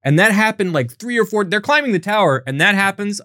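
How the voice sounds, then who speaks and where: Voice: medium pitch, quick pace, few pauses, no echo. A podcast host telling a bad movie's story with sarcasm and plenty of swearing. The voice sits mid-range and is recorded close and dry, with no room sound. The delivery is loose, chatty and full of disdain. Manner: sarcastic, profane, lively storytelling. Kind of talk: casual chat recapping a bad movie.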